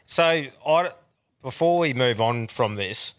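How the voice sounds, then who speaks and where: Australian male podcast host, bright tone, crude rambling banter. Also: mid-range voice, lively intonation, slow pace. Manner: swears freely, rambling.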